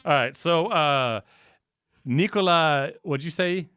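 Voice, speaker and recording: A man co-hosting a podcast in casual chat, rambling and swearing with plenty of excitement. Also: on the high side, slow pace, smooth, no room sound, clean studio sound, faint music behind. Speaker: podcast co-host.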